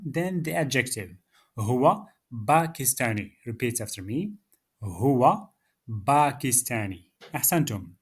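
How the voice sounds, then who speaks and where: Slow, husky male Arabic teacher. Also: medium pitch. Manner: patient, drills words for repetition. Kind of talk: slow beginner language lesson.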